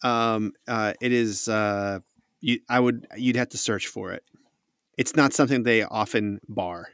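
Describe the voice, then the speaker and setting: A man's voice: lowish voice, fairly even intonation, unhurried, a bit bright, clear, resonant tone, no echo, studio quality. A man narrating as game master of a tabletop game, hesitant and full of restarts. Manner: hesitant, many fillers and restarts.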